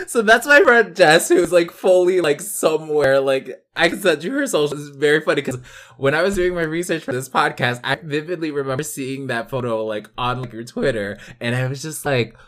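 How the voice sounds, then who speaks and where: A man's voice: a little high, animated, moderate pace, pushed and bright. A young man hosting a podcast, bantering casually in a laid-back, playful way. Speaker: podcast host. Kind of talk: casual chat.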